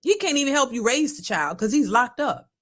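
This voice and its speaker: Her voice sits on the higher side and moves briskly as she hosts a reaction video. She offers laid-back, lively, slangy commentary, often saying the same thing twice.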